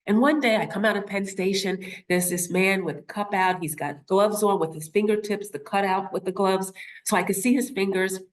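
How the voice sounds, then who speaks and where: A woman's voice: mid-range voice, fairly even intonation, moderate pace. A nurse in her fifties speaking to an audience, telling a personal story with rhetorical questions and acting out the voices she quotes. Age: 50s.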